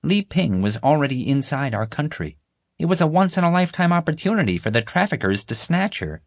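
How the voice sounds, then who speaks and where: A man's voice: fairly high pitch, sing-song, brisk, no room sound, clean studio sound, pitched above the performer's own voice. A man voicing an earnest, lecturing boy who explains things grimly for an audiobook. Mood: earnest explaining. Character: boy, excitable animal-trafficking know-it-all.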